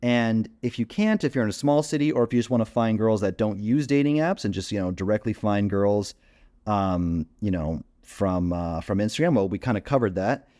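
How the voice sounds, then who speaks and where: Low-ish dude talking thru a screen share, lots of uhs and you knows, walking thru clicks. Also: male voice, normal speed, dark tone. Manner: casual, filler-heavy, talks while clicking through screens. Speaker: dating coach.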